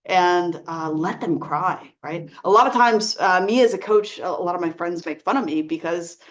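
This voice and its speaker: Earnest woman life coach, gentle advice. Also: on the low side, moderate pace, dull audio. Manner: earnest, gentle, repeats "right?" and "like". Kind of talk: advice talk to camera.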